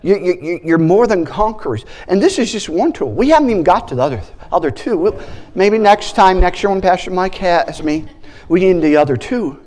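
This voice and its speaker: Animated male guest preacher. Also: high voice, fairly quick. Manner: animated, shouts praises, acts out voices. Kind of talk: sermon.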